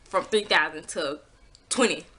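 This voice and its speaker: A woman telling a personal story in a casual vlog, animated and exasperated, swearing freely and acting out what people said. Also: a little slow, husky. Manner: acts out quotes with pitch jumps.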